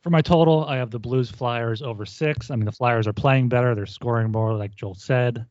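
A man's voice: medium pitch, moderate pace, a little mellow, no room sound. A man co-hosting a sports betting podcast in an easygoing, hedging way. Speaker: podcast co-host. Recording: dry dull lo-fi audio.

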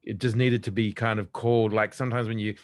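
A man hosting a conversation feels his way through his questions, stopping and restarting as he talks. His voice is on the low side, and it is recorded close to the mic with no room echo. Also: level tone. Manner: hesitant, halting phrasing. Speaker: interviewer. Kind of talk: casual conversation.

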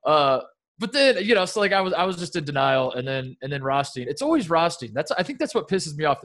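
A man's voice: fairly high pitch, big pitch swings, a little fast, a bit bright. A man co-hosting a podcast in casual chat, upbeat and laughing often as he talks. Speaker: podcast co-host.

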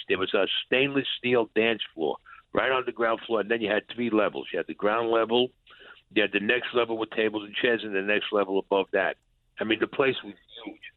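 In an interview, a former mob enforcer appearing as a guest tells a story, playing both sides of old conversations in blunt, profane street talk. His voice is fairly low in pitch. It comes through a tinny phone line with no room sound.

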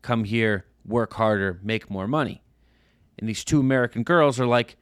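This podcast co-host, a man in his thirties, speaks at a moderate pace with a fairly low pitch and a clean tone. The recording is dry and studio-clean as he animatedly relates a casual anecdote, performing the overheard voices of its characters.

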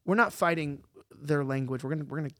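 Fast-talking male podcast co-host. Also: fairly high pitch, a bit bright, no echo, studio quality. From Australia. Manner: fast, loose talk with many restarts. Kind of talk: casual podcast chat.

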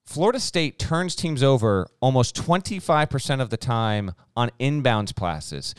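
A man's voice: medium pitch, sing-song, measured pace, few pauses, clear, resonant tone, dry recording, studio quality. A young adult man co-hosting a podcast, chatting casually about college basketball picks and reeling off stats. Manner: chatty, stat-heavy, restarts sentences. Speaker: podcast co-host. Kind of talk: casual sports betting chat.

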